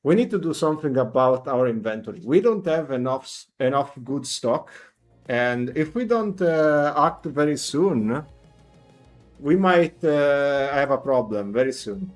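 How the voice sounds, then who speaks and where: A man voicing a fussy male quartermaster who complains and gives orders, a little higher and louder than his own voice. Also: expressive, unhurried, soft background music, natural voice. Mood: grumbling. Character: grumbling male ship quartermaster.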